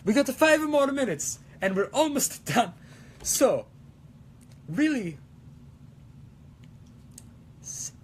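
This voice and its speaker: High-voiced young man in a hammy Italian put-on. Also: sing-song, takes it slowly, pauses often, a little hiss or hum. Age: young adult. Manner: goofy, rambling, self-mocking. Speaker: cosplay show host. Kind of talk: casual livestream chat, reading comments.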